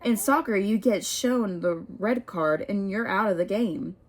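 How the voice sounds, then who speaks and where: A woman voicing an indignant schoolboy who yells furiously from the stands. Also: medium pitch, measured pace, lightly acted. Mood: insistent. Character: indignant schoolboy sports fan.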